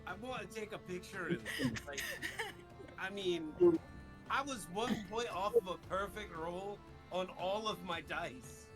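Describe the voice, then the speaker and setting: A man playing a tabletop game, excitable and swearing as he talks through his rolls. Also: sits high, measured pace, music in the background. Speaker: player.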